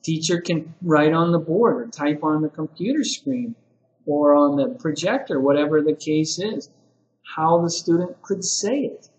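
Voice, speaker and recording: Guy teaching teachers, slow and patient, lots of uhs, kinda high voice. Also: animated, a little mellow, roomy sound, poor audio. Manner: slow, patient explaining with frequent "uh" pauses. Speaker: ESL teacher trainer. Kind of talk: recorded training lesson.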